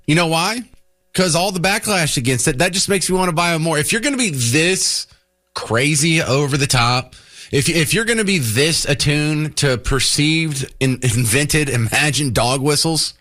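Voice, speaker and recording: A man hosting a talk radio show, delivering a sarcastic, animated opinion monologue. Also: on the high side, normal speed.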